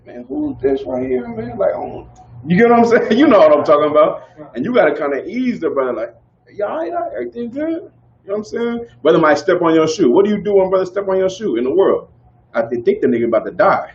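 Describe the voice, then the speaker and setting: Animated man teaching a street circle. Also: on the high side, dull audio, a little hiss or hum. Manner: animated, conversational, constantly checking in with listeners. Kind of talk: street teaching, casual preaching.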